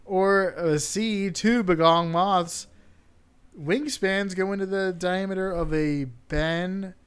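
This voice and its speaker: A man hosting a podcast, joking his way through a list of facts with frequent laughs and stumbles. His voice sits a little higher than most men's. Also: smooth. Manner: jokey, laughs often, reads facts haltingly. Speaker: podcast co-host. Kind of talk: casual comedic chat.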